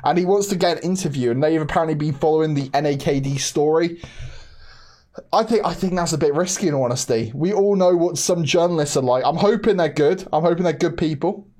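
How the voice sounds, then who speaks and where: Young male streamer, slightly high voice, excitable chatty delivery with frequent laughs. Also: a little fast. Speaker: livestream host. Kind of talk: casual livestream chat.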